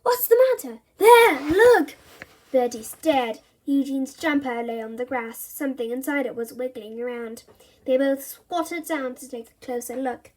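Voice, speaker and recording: A woman reading a children's storybook aloud in an expressive, animated narrating voice. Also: high voice, normal speed.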